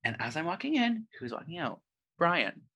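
A man's voice: fairly high pitch, very animated, moderate pace, pushed and bright. A young man from Canada telling a rambling story in casual chat, with lots of "like". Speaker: guest.

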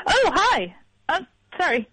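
A woman's voice: very high voice, sing-song, slow, sharp tone, rough recording. A woman calling in to a radio show, hesitant and apologetic, with lots of ums. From Pennsylvania, US. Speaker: caller. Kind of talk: phone-in chat.

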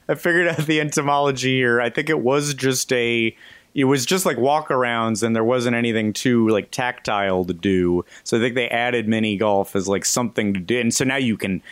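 A man's voice: mid-range voice, normal speed, a bit bright, no echo. A man co-hosting a casual comedy podcast over a video call, rambling and laughing through jokey asides. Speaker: podcast co-host.

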